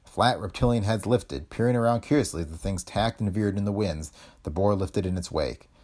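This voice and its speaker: A man narrating a pulp adventure story in a dramatic, expressive storytelling manner. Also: fairly low pitch, normal speed.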